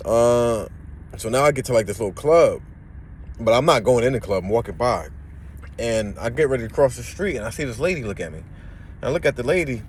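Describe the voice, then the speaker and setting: A young man tells a personal story in a relaxed, casual way and slips into the voices of the people he met. His voice sits at an average pitch, and faint traffic noise hums in the background. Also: a little fast. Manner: animated, acts out voices in the story.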